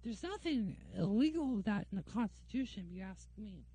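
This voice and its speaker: A woman's voice: medium pitch, big pitch swings, fairly quick, dark tone, breathy edge, dry recording. Ranting New woman, sarcastic. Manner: opinionated, rambling, sarcastic. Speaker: vlogger. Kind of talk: ranting casual monologue to camera. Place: dim indoor room during a work break. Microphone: camera mic.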